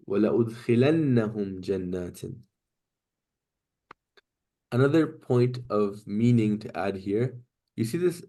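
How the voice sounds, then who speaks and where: A man teaching Quranic Arabic grammar in a class, explaining patiently step by step and reciting Arabic phrases quickly. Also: fairly low pitch, dark tone.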